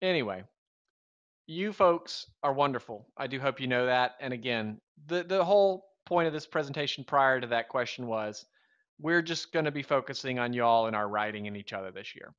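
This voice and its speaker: A man's voice: mid-range voice, lively intonation, normal speed, fairly bright tone, highs cut off. A man in his thirties from the Southern US, co-hosting a live stream in a wry, rambling, joking way. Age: 30s. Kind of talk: casual live stream chat.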